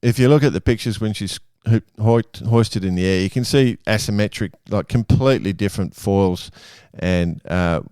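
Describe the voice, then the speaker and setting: A man co-hosting a podcast in casual chat, easygoing and quick to laugh at himself. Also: lowish voice, mellow, clear, resonant tone, no room sound, clean studio sound. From Australia. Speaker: podcast co-host.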